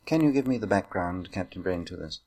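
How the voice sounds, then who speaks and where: A man interviewing a retired pilot, asking measured, formal questions with a few "uh" fillers. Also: low-pitched, animated, a little mellow. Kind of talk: oral history interview questions.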